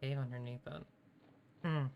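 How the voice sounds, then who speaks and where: A man's voice: mid-range voice, steady tone, normal speed, vocal fry, dull audio. A man casually commenting while playing a video game on a live stream, chatty, swearing freely and talking to himself in short bursts.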